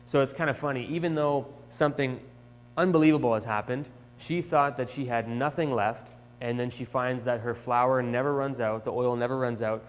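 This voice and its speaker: A young man telling a children's Bible lesson in a chatty, animated way, with restarts, in an echoey church hall. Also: medium pitch, normal speed. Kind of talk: casual Bible storytelling for children. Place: church sanctuary.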